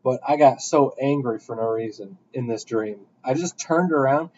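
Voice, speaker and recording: A young man telling a rambling story in casual podcast chat, with animated bursts. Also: medium pitch, moderate pace, slight background noise. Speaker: podcast host. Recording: dull lo-fi sound.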